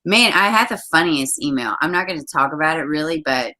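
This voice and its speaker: Bright-voiced woman, blunt, swearing freely. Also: deep voice, animated, fairly quick. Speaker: channel host. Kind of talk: casual live-stream chat.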